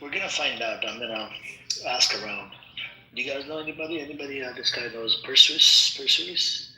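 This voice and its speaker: A man's voice: medium pitch, brisk, sharp tone, echoey room, poor audio. A man moderating a casual online audio room, easygoing, often stammering and repeating words. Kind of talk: casual chat.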